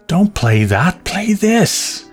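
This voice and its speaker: A man voicing a drunk, despairing grown man who pleads and sings hoarsely and miserably. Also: sits high, sing-song, extremely slow, faint music behind, pitched above the performer's own voice, exaggerated voice. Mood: miserable.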